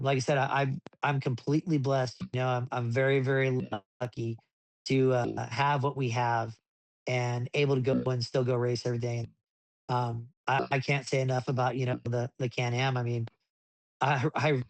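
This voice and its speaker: A man telling racing stories in a casual interview, rambling with many restarts and getting animated as he recounts events. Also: mid-range voice, no room sound. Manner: rambling with frequent restarts, animated when retelling. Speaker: desert racing driver, podcast guest.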